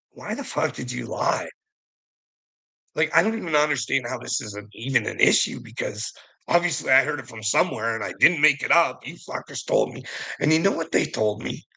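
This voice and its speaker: A man with a gravelly, rough-edged voice tells a rambling personal story, cursing freely and chuckling as he goes. His tone is bright and forceful, with a husky grain. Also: mid-range voice, low-quality recording. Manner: profane, rambling, laughs often. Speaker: vlogger. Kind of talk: casual storytelling monologue.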